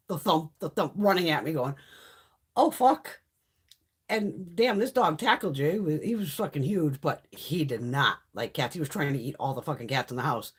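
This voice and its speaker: A middle-aged woman hosting a casual livestream from Connecticut, talking with a stuffy nose. Her pitch jumps around a lot as she tells blunt stories full of swearing. Her voice has a slightly husky edge. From Connecticut, USA. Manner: blunt, swears freely, lively storytelling. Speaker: livestream host. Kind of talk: casual chat.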